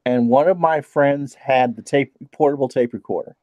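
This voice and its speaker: A man's voice: medium pitch, normal speed, dark tone, no room sound, dull audio. A man in his forties reminiscing wryly in a casual chat. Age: 40s. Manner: wry, chatty reminiscing. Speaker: guest.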